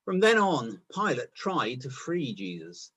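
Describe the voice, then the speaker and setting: Husky guy reading a bible passage, lively up and down delivery. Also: medium pitch, unhurried. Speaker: scripture reader.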